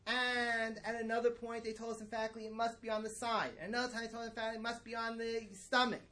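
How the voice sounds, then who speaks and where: A man's voice: very high-pitched, little pitch movement, quick pace, bright, forceful tone. A middle-aged man giving a religious lesson in a conversational, digressive and emphatic way. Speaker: religious teacher. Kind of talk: lecture-style lesson.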